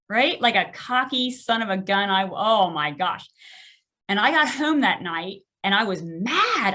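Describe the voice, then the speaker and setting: A middle-aged woman, a podiatrist guest on a podcast, telling a candid story in an animated, self-deprecating way and laughing often. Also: mid-range voice, normal speed.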